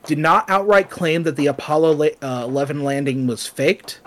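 Man, fairly high voice, casual podcast co-host, chatty, loose delivery with fillers. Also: normal speed, slight background noise. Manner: chatty, lots of fillers and asides. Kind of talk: casual chat, reading notes.

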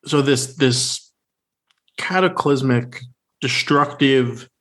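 Sarcastic, animated man chatting about films. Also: mid-range voice, slow. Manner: sarcastic, animated, full of fillers. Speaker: podcast co-host. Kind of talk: casual film discussion.

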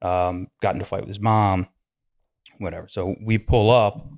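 A man with a lowish voice tells a story in a relaxed podcast chat. He talks like a detective recounting a wild call, and he breaks into sharp, higher voices when he quotes the people involved. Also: normal speed. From United States. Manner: animated storyteller, acts out voices with sudden loud jumps. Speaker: police detective and podcast guest.

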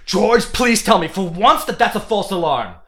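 Brief: man voicing a harried dock boss, sarcastic, high and brassy. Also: expressive, measured pace. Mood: exasperated. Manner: shouting, exasperated. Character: gruff ginger harbor master, annoyed and sarcastic.

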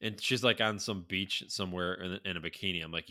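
A man co-hosting a casual podcast chat, rambling and swearing, breaking into animated quoted impressions. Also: low voice, fairly quick. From North Carolina. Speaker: podcast co-host.

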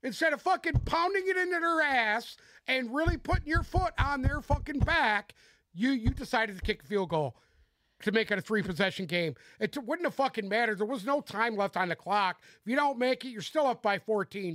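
A high-voiced man rants about football on a casual podcast, swearing freely and getting fired up. He is close on a dry mic with no room sound behind him. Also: animated, moderate pace, a bit bright, no room sound. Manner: profane, fired-up ranting. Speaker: podcast co-host. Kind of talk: casual sports podcast chat.

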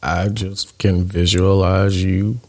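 Deep husky teasing man. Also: level tone, takes it slowly. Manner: teasing, dry interjections. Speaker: podcast co-host, husband of the other host. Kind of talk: casual chat.

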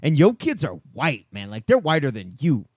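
A man's voice: a little high, normal speed, husky, no echo, studio quality. A man in crude, casual banter, teasing his co-host and swearing often. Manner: profane, teasing, animated.

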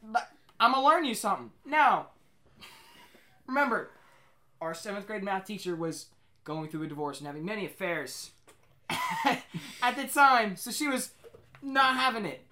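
A woman's voice: mid-range voice, big pitch swings, unhurried, long pauses. A young adult woman co-hosting a podcast, telling a story in casual, profane chat and laughing often. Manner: profane, laughing, swings between hushed and loud. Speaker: podcast co-host.

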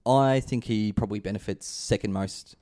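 A man with a fairly low voice hosts a relaxed chat. He leads the talk and drops in quick jokes between points. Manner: chatty, leads the discussion, jokey asides. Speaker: podcast host. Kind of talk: casual fantasy sports chat.

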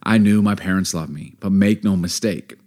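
A middle-aged man co-hosting a podcast, telling a story in casual chat, animated and emphatic, laughing often. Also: sits low, normal speed. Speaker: podcast co-host.

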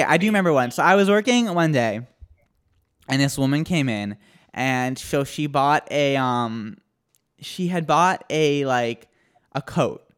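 A man's voice: fairly high pitch, a bit bright, clean tone. A man co-hosting a podcast, telling rambling stories in casual chat, swearing and laughing often. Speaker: podcast co-host.

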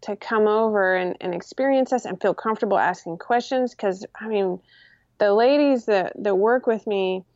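A woman who designs sewing patterns, chatting casually as a guest in an interview, talking in quick bursts with lots of fillers. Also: medium pitch, a little mellow, no echo, dull audio.

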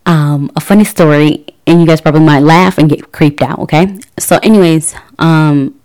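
Low-voiced woman telling a story. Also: steady tone, moderate pace, darkish tone. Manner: chatty, many fillers and restarts, acts out quotes. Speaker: podcast host. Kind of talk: casual storytelling.

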